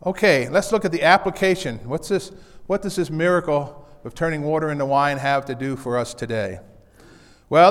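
A man's voice: fairly high pitch, moderate pace, long reverb tail. A man preaching a casual sermon in a church, in a folksy way, often repeating his key lines. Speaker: pastor. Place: church sanctuary.

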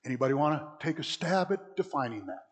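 Husky man teaching a Bible class. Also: a little high, big pitch swings, fast talker. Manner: conversational, asks the audience questions, rambling restarts. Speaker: preacher teaching a church class.

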